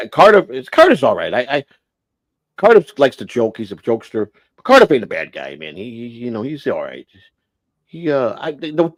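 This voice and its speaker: A man's voice: medium pitch, dry recording. Rambling, blunt male livestream host. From United States. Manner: rambling, blunt, swears freely, stumbles and restarts. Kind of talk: casual livestream chat.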